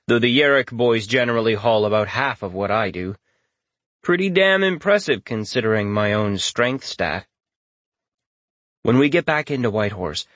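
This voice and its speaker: A man narrating a first-person fantasy story with a steady, even storytelling delivery. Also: lowish voice, no echo. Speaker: audiobook narrator.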